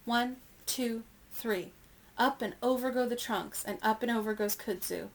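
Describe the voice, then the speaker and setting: A woman reading a children's novel aloud with clear, expressive storytelling. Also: on the high side, fairly quick. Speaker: reader.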